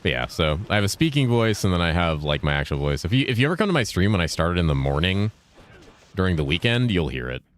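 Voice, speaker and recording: A man in his thirties with a remarkably deep, low voice talks loosely with his stream chat, cursing offhandedly between topics. He speaks in a deliberate, clearly enunciated voice with a slightly raised inflection. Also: sing-song. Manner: laid-back, profane, reads and answers chat while playing. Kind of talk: casual gaming livestream chat.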